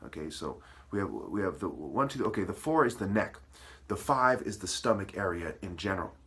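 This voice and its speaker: A man's voice: low-pitched, expressive, brisk, fairly bright tone. A man delivering a profane, preachy monologue, breaking words apart into syllables as he lectures. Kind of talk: ranting monologue.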